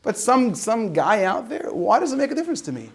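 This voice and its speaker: A middle-aged man, a rabbi giving an informal Torah talk to high school students, telling stories with acted-out dialogue and Yiddish and Hebrew words mixed in. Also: a little fast, vocal fry. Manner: animated storytelling with acted-out dialogue and asides.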